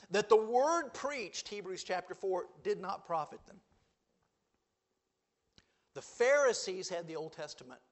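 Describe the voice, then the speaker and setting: Man, preacher, sermon, high voice, scripture quotes, loud and hushed swings.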